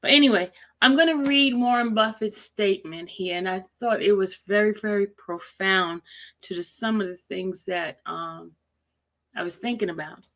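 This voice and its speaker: A woman hosting a casual livestream, greeting viewers by name and reading slowly and deliberately. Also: mid-range voice, fairly bright tone. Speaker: livestream host.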